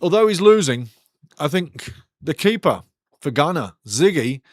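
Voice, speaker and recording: A man's voice: a little high, big pitch swings, unhurried, dry recording. A man hosting a live football watch-along, chatting loosely with viewers and calling the play as it happens. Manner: chatty, rambling, banters with chat. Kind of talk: casual live match commentary.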